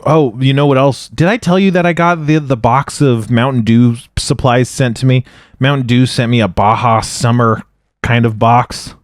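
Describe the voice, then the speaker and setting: A man's voice: mid-range voice, fairly even intonation, moderate pace, no room sound, clean studio sound. A man co-hosting a podcast in casual chat, easygoing and rambling with lots of hedges. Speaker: podcast co-host.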